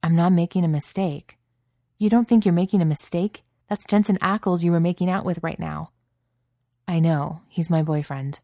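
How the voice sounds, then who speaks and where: A woman's voice: deep voice, steady tone, moderate pace, mellow, dry recording, clean studio sound. A woman voicing an agitated, blunt young man in a storybook reading, speaking up in a raised, exasperated voice.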